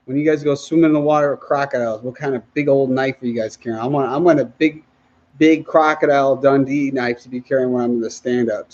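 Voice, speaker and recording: A man with a mid-range voice hosts a casual livestream, reading viewer comments aloud in a relaxed manner. He often laughs and lets sentences trail off, and the audio sounds dull.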